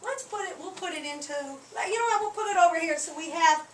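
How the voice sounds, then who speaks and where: A woman teacher giving a lively lesson to young children, acting out feelings for the class. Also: very high-pitched, a little fast, slight background noise. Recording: echoey room recorded from a distance.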